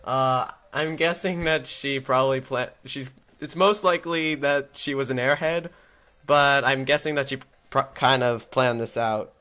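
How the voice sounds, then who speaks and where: A man's voice: medium pitch, a little slow, sharp tone. A man doing let's play commentary and reading game text aloud, rambling and correcting himself as he goes. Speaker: gamer.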